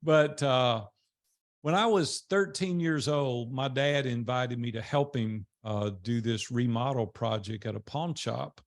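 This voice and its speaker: A man's voice: mid-range voice, unhurried. An older man from Nashville with a Southern Tennessee drawl, telling his life story in a folksy, motivational guest talk. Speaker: guest speaker.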